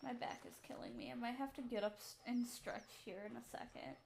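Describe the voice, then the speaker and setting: A woman's voice: a little high, a little fast, creaky, a little mellow, slight background noise. A woman streamer chatting casually and rambling to herself while playing a game at home. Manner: rambling, chatty, self-talk between game actions. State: out of breath.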